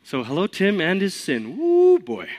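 A man's voice: high-pitched, wildly swooping pitch, measured pace, darkish tone, long reverb tail, pitched above the performer's own voice, heavily acted. A man voicing God as a polite but fussy greeter, mock-polite and sing-song. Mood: teasing.

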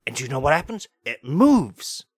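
A man's voice: a little high, very animated, moderate pace, breathy edge, dry recording. A man voicing an indignant male demon king who keeps getting treated like a cat, ranting and asking "right?" over and over. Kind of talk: improvised comic monologue.

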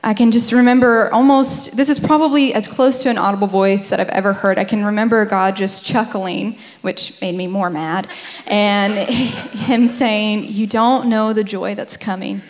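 A woman's voice: mid-range voice, steady tone, moderate pace, hardly any pauses, long reverb tail. A young woman sharing her side of a faith testimony, candid and humorous, telling it like a story. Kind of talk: personal testimony talk.

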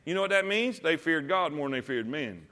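Lively, bright-voiced male preacher. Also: fairly high pitch, fairly quick. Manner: emphatic, rhetorical questions, calls congregation to read along. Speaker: pastor. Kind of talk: sermon. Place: church service.

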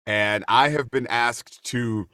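A man's voice: medium pitch, takes it slowly, bright, forceful tone, clean tone, no room sound, studio quality. A man talking as a guest in an interview, effusive and emphatic, repeating himself for emphasis. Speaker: guest actor. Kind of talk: casual interview chat.

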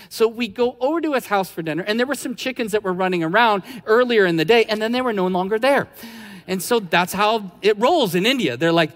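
A man's voice: high-pitched, expressive, moderate pace, fairly bright tone. A man preaching a sermon in a conversational, storytelling way. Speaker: pastor. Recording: long hall reverb.

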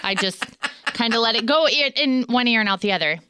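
A woman's voice: on the high side, animated, a little fast, pushed and bright, clean tone, no room sound. A middle-aged woman co-hosting a casual faith chat, a chatty storyteller who laughs often. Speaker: podcast co-host.

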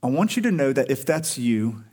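A man's voice: mid-range voice, very animated, moderate pace, a little mellow, breathy edge. Earnest conversational male pastor preaching. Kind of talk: sermon.

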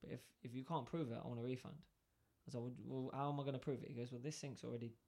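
A rapid-fire man with a medium-pitched voice tells a workplace story during a casual chat, animatedly voicing both sides of the dialogue.

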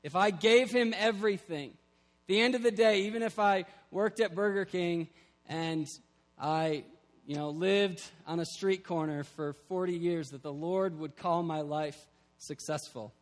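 A man's voice: sits high, a little slow. A young man preaching a sermon, earnest and building to emphatic peaks. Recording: long hall reverb.

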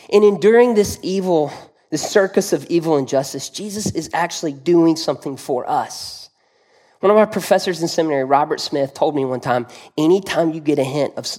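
A man's voice: fairly high pitch, darkish tone. A man preaching a sermon as pastor, explaining scripture verse by verse and retelling scenes vividly with rhetorical questions to the listeners.

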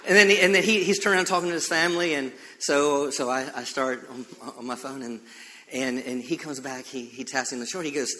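A man preaching a sermon as pastor, animated and emphatic, telling stories with frequent restarts. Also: medium pitch, fairly quick, a little hiss or hum. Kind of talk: sermon with storytelling. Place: church sanctuary. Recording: reverberant church hall.

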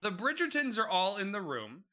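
Animated bright-voiced man recapping a show. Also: high-pitched, moderate pace. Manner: animated, swearing, acting out characters. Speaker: podcast host. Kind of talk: casual recap commentary.

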